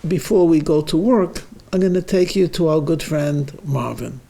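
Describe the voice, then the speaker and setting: Flustered wife, stammering and pleading, gravelly texture as a man puts her on. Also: fairly high pitch, normal speed, mellow. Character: flustered, worried young wife.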